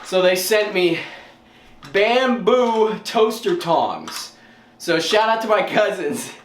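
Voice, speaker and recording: A man's voice: high-pitched, lively intonation, takes it slowly. A man casually vlogging his day at home, laid-back and self-mocking, swearing now and then. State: out of breath. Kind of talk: casual vlog talk to camera. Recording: echoey room with faint noise.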